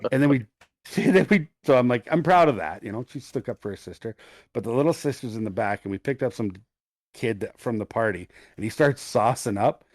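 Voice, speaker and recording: A middle-aged man, co-hosting a podcast, tells an animated, profane story in casual chat. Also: mid-range voice, a little fast, no room sound, clean studio sound. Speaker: podcast co-host.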